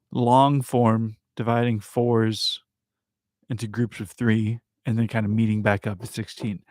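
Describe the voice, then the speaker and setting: A man giving a casual live music lesson, chatty and self-amused, counting rhythms out loud as he works through a transcription. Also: mid-range voice, no room sound, studio quality. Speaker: music teacher transcribing a piano piece for bass.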